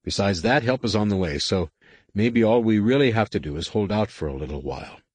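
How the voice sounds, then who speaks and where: A man's voice: on the low side, expressive, fairly quick, slightly rough, no room sound. A man voicing a stern, commanding teenage male Jedi who speaks in a firm, clipped way.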